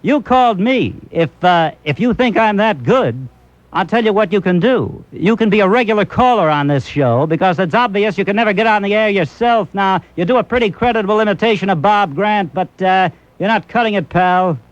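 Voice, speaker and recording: A man's voice: sits high, animated, a little fast, no room sound. A man hosting a call-in radio show, teasing and wisecracking with a caller from the studio. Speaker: talk-radio host. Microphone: studio microphone. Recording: dull lo-fi radio broadcast.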